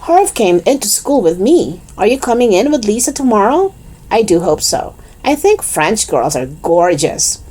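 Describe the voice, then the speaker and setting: A woman's voice: medium pitch, sing-song, moderate pace, dark tone, slightly rough, pitched above the performer's own voice. A woman voicing a friendly, chatty schoolboy who mumbles through his food in a storybook. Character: chubby, chatty schoolboy chewing sweets.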